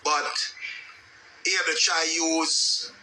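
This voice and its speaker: A man with a Jamaican accent giving casual, animated gossip commentary. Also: fairly high pitch, very slow, roomy sound, slight background noise, poor audio. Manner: animated, emphatic storytelling.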